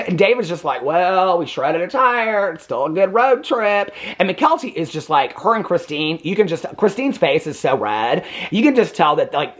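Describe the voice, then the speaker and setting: Chatty sarcastic man recapping TV. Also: fairly bright tone. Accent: Midwestern American. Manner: chatty, sarcastic, laughs often, acts out quotes in high mocking voices. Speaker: TV recap host. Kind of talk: casual reaction recap.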